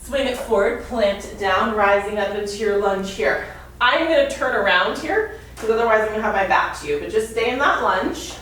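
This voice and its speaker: Out of breath, a woman teaching yoga counts reps and cues each move as she works out alongside. She speaks at a moderate pace in an expressive, medium-pitched, slightly bright voice. The recording is distant and very echoey, with a faint hiss or hum.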